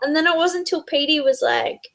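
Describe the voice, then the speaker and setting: Brief: Australian woman, high voice, eager chatty book club co-host. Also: a little fast, fairly bright tone. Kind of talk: casual chat.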